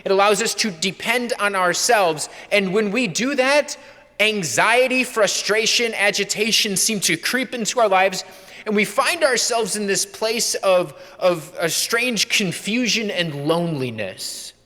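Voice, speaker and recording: A man's voice: high-pitched, animated, measured pace, bright, forceful tone. Young priest guy preaching casually, does little voices for quotes, echoey church. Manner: conversational, acts out quoted dialogue. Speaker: pastor. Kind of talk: sermon. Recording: long church reverb.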